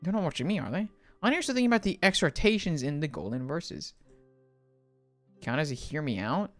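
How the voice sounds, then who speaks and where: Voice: medium pitch, brisk, no room sound, soft background music. A livestreamer chatting casually while playing a game, rambling with many fillers and restarts. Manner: rambling, filler-heavy, animated.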